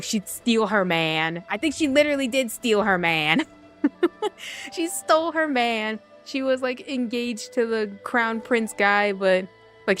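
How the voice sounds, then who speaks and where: A woman streaming a game talks through its story in a loose, rambling way. She leans on "like" and "um" constantly and drops briefly into the characters' voices. Her voice sits at an ordinary middle pitch, with faint music playing behind her. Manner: rambling, filler-heavy, uses "like" constantly; slips into quoted voices of characters. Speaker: gaming streamer.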